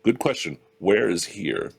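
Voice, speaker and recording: A man's voice: low-pitched, sing-song, takes it slowly, vocal fry, breathy edge. A man playing his character in a tabletop game, jokey and theatrical. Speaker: player.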